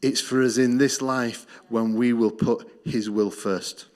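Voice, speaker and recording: A man's voice: steady tone, measured pace. Earnest Australian man giving church testimony. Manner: earnest storytelling, dropping low and soft on key lines. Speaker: missions speaker.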